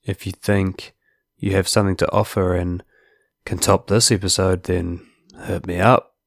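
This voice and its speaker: A man's voice: low-pitched, level tone, unhurried, creaky, no room sound, clean studio sound. A man hosting a podcast, talking earnestly in casual chat and restarting his words often. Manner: earnest, repeats words when starting sentences. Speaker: podcast host. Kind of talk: casual interview chat and outro.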